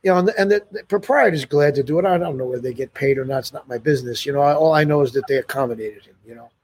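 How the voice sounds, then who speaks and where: An older musician telling stories in a casual interview, rambling with many "you know"s and restarts and laughing often. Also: male voice, medium pitch, racing, breathy edge. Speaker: musician guest.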